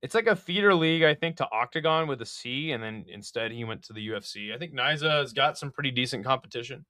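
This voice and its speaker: A man's voice: medium pitch, animated, fast, pushed and bright, no room sound, clean studio sound. A young man giving a casual, blunt and profane breakdown of a fight card, sounding exasperated and mocking. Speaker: MMA fight card previewer.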